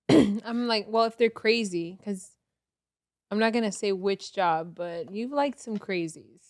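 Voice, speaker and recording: A woman's voice: medium pitch, takes it slowly, no room sound. Woman, podcast co-host, blunt, frank, swears freely, dry close sound. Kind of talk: casual chat.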